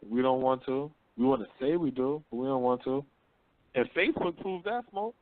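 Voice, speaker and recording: Speaking at a normal pace in a mid-range voice, a call-in talk radio host relays stories bluntly and with lots of slang. He frequently asks rhetorical questions such as "you see what I'm saying?" The audio is dry and tinny, like a phone line.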